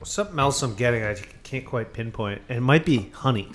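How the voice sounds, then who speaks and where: A man's voice: medium pitch, expressive, brisk, a little hiss or hum. A man co-hosting a casual wine tasting, joking and teasing his friends. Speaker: wine reviewer co-host.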